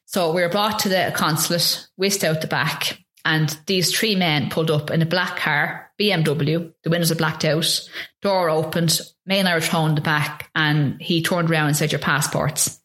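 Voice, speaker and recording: A woman's voice: sits low, steady tone, moderate pace, fairly bright tone. A woman, an interview guest telling a personal story in earnest, vivid detail with some hesitations. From Ireland.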